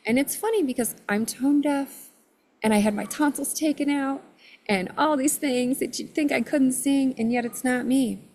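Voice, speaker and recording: A middle-aged woman, an energy healer, telling her story as a guest with an expressive, loud, laughing manner. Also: high voice, normal speed, a little hiss or hum. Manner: expressive, laughs often, self-described loud. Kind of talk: animated storytelling in conversation.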